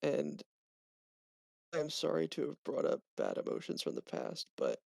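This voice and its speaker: A player at a tabletop game, with a strongly gravelly, fry-laden voice that swings lively up and down. He speaks formally in character, recorded dry and close. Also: on the high side, unhurried, no room sound. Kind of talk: tabletop role-play.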